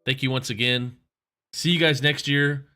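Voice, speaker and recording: Male stream host, rambling and friendly, with a bright, forceful tone at a mid pitch. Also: steady tone, normal speed. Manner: rambling, chatty, self-correcting. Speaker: livestream host. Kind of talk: casual livestream talk.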